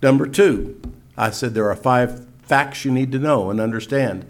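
An older man preaching and teaching, reading scripture slowly and solemnly between folksy asides. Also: medium pitch. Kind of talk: sermon-style teaching.

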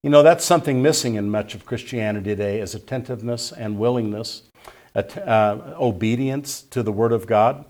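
A pastor preaching an evening sermon to his church, teaching slowly and repeating key points as he reads scripture aloud. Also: on the low side, a little mellow.

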